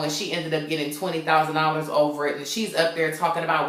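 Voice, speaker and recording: A woman's voice: deep voice, level tone, fast, hardly any pauses, fairly bright tone, echoey room. A woman giving a brash, profane, sassy commentary on a reality TV reunion in casual chat. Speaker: reality TV recap vlogger.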